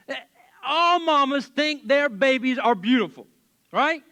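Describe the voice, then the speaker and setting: A man's voice: very high-pitched, a little slow. A man preaching as a pastor in a church, telling a Bible story casually with jokes and acted-out voices. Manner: animated, joking, acts out voices.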